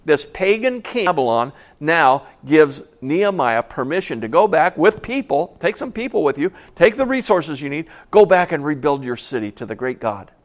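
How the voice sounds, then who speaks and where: A man preaching a conversational sermon, telling a Bible story with folksy, animated asides. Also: fairly high pitch, moderate pace, hardly any pauses.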